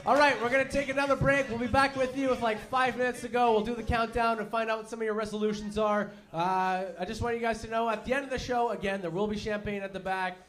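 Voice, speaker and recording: A man's voice: extremely high pitch, steady tone, quick pace, few pauses, fairly bright tone. A male host announcing a break and plans casually at a live show. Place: live show venue with music.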